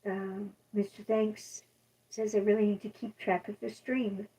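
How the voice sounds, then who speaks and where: A woman co-hosting a livestream who reads viewer comments aloud and chats in a mild, low-key way. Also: little pitch movement, measured pace, dark tone. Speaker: livestream co-host reading chat. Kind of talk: casual chat, reading viewer comments. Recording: dull, distant stream audio.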